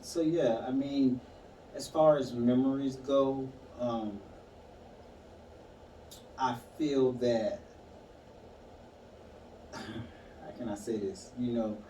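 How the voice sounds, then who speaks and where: Mellow-voiced man, halting and reflective. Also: medium pitch, fairly even intonation. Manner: halting, reflective, many fillers. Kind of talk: casual conversation, personal story. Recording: echoey room, far mic, some noise.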